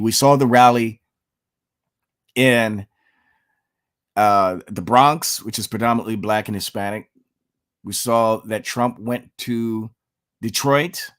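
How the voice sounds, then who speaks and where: Emphatic man giving opinionated commentary. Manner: emphatic, rhetorical questions, sudden pitch jumps. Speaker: political commentator, channel host.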